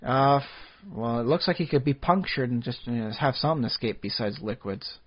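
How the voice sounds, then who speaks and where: A man's voice: mid-range voice, animated, a little fast, husky. A man co-hosting a podcast in casual chat, playfully riffing on silly game ideas. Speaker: podcast co-host. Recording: slightly dull lo-fi audio.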